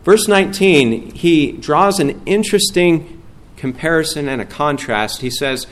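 A man's voice: a little high, animated, unhurried, hardly any pauses. A middle-aged man preaching a sermon as a guest pastor, reading scripture out with rising force.

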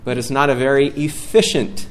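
Middle-aged man, guest preacher, earnest sermon, swells loud on scripture readings. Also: medium pitch, flat delivery, normal speed, slight background noise.

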